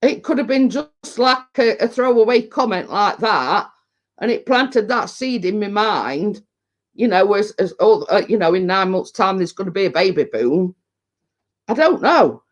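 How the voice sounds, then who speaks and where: A man, chatting casually on a livestream, rambling and halting with many restarts, a little tipsy. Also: high-pitched, animated, dull audio. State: tipsy from home brew. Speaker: livestream host. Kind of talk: casual chat reading viewer comments.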